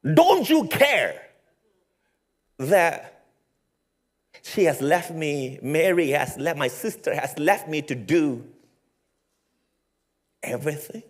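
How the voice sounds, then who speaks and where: A man putting on a shrill, exasperated overworked woman. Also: big pitch swings, slow pace, pauses often, heavily acted. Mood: accusing. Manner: exasperated, pleading, high-pitched. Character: frustrated overworked woman complaining to a guest.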